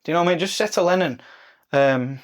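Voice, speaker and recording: A man's voice: on the high side, quick pace. A man, co-hosting a football podcast, talking earnestly and chattily. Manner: earnest, chatty, says "do you know what I mean". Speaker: podcast co-host. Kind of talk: casual football chat.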